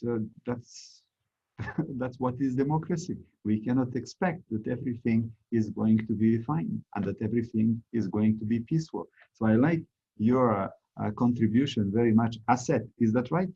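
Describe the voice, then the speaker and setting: Dark husky professor on a muffled call. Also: male voice, mid-range voice, normal speed. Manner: encouraging, explanatory, with fillers. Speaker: visiting professor leading a discussion. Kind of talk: online lecture discussion. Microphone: video call. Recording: dull lo-fi video call audio.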